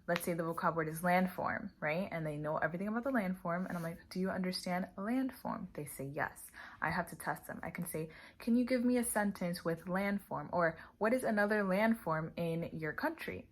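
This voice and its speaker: A young woman casually explaining online teaching tips, acting out slow, clear classroom phrases. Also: low-pitched, a bit bright. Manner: chatty, demonstrates teacher phrases slowly and clearly. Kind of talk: casual tutorial vlog.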